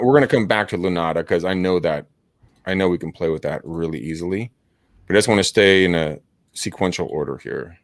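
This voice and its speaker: A man in his thirties, a real estate agent hosting a casual call session, telling stories with profanity and loud laughter. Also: deep voice, dry recording, studio quality. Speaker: real estate agent hosting a live cold-calling stream. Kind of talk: casual chat, storytelling.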